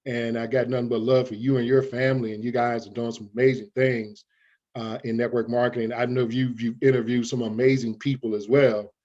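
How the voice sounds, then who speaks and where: A man's voice: medium pitch, little pitch movement, fairly quick, a little mellow, lo-fi sound. A man as an interview guest giving folksy, preachy motivational talk, often calling his listeners "guys".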